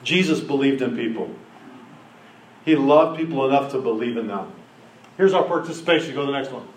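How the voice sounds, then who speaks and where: Animated man preaching in an echoey room. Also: mid-range voice, a little fast. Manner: animated, laughing, acts out quotes. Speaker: pastor leading a group exercise. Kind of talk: informal sermon with group participation. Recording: roomy echo.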